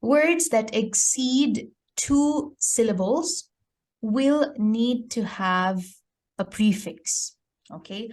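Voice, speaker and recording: A woman's voice: a little high, drawn-out words, a little mellow. A woman teacher giving a grammar lesson, explaining step by step and often checking her student's understanding with "okay?". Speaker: English teacher.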